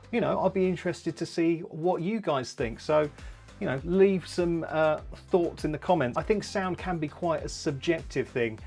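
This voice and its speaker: A man hosting a casual gear review vlog who rambles along with plenty of fillers and restarts. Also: fairly high pitch. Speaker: tech reviewer.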